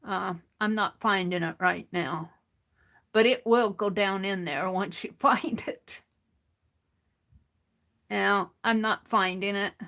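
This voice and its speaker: A woman's voice: mid-range voice, fairly even intonation, slow, long pauses, a bit bright. A woman hosting a craft livestream, explaining how to clean a paint bottle in a rambling way, restarting her sentences as she works with her hands.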